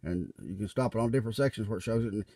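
A religious video maker speaks to his viewers through a tablet mic in a dry recording, his voice fairly low, warm and rapid-fire. Casual and earnest, he rambles and repeats himself, urging them to get right with God.

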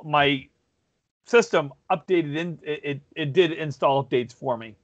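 A man's voice: fairly high pitch, measured pace, muffled recording. A man hosting a podcast in casual chat, self-deprecating and rambling with restarts, talking over a video call. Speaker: podcast host.

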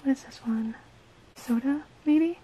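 A high-voiced young woman talks through a sticker unboxing in a casual, gushing way. She is excitable and drifts into soft whispers now and then. Faint noise sits behind her voice. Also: unhurried, rough recording. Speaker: planner vlogger.

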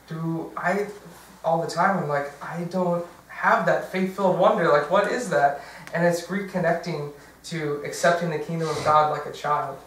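A man's voice: a little high, a bit bright, a little hiss or hum. A young man giving a casual workshop talk, chatty, with fillers and self-corrections. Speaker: diocesan workshop presenter. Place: large church hall. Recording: very echoey, from far off.

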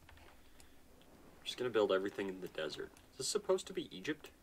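There's slight background noise as this man, his voice on the low side and sing-song, keeps a moderate pace. He's a gaming channel host doing relaxed let's-play commentary on a strategy game, talking to himself, yawning and sounding worn out.

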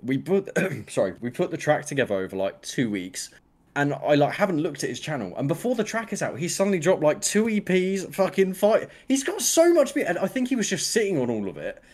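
A man's voice: on the high side, big pitch swings, a little fast, a little mellow. A British man chatting casually as an interview guest, swearing freely and acting out quoted lines. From Britain. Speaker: musician guest.

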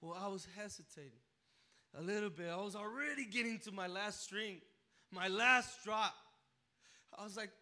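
A man preaching a personal testimony to a church, emotional and full of repeated words and restarts, rising to near shouting at the high points. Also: moderate pace, pauses often. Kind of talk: sermon testimony. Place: church sanctuary.

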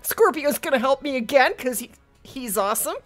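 A woman's voice: high voice, lively intonation, fairly quick, soft background music. Chatty woman streamer with hiccups. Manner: chatty, greets viewers by name, laughs often. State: has the hiccups. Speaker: livestream gaming host. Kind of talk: casual livestream chat.

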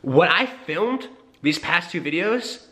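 A man's voice: high-pitched, expressive, slow, bright, forceful tone. A young man hosting a vlog, talking to camera in an exasperated, heavily swearing way. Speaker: vlogger host. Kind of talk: casual vlog talk to camera.

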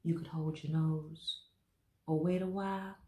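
A woman voicing a sad crocodile who asks softly and hesitantly in a children's storybook reading. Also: low voice, steady tone, measured pace, echoey room, pitched above the performer's own voice. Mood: hopeful. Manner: soft, hesitant asking.

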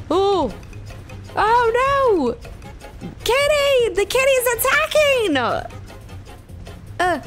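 Young female gaming host, very high voice, unhurried delivery, squeals and gasps, faint game music behind. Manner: squeals, gasps and laughs often. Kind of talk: excitable gameplay commentary.

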